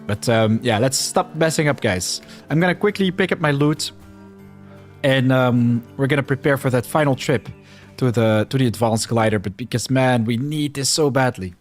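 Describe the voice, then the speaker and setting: This young streamer, a Dutch speaker with a Flemish accent, has a mid-range voice and a moderate pace. He plays a game while casually rambling to his chat and joking at his own expense, with soft music in the background.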